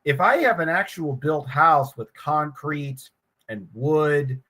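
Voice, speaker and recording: A man's voice: on the high side, animated, slow pace, sharp tone, poor audio. A man in a casual round table discussion, reflective and full of "you know" fillers.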